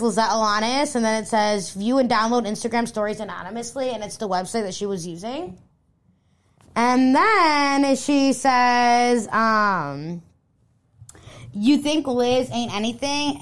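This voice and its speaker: Chatty young woman telling a story. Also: a little high. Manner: rambling, heavy use of "like", quotes texts aloud. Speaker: podcast host. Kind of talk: casual storytelling chat.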